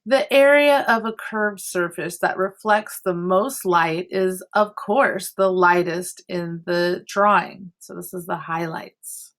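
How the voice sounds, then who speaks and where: Woman art teacher, slow unhurried pace, online class from home, step-by-step with chatty asides. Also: on the low side, a bit bright. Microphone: computer mic on a video call.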